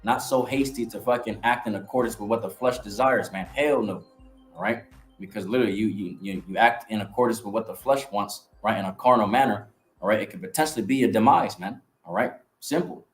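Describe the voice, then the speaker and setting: A man's voice: fairly low pitch, fairly quick. A man giving a casual preaching testimony from his ministry, reading scripture aloud. He talks bluntly, swears, and keeps checking in with "all right?". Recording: roomy echo, faint music behind.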